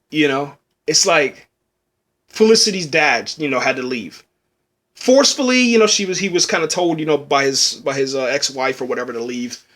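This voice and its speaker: His voice sits a little high and a bit bright as he reviews a TV episode. He rambles casually, says "man" often, starts over, and gets tearful and choked up while talking.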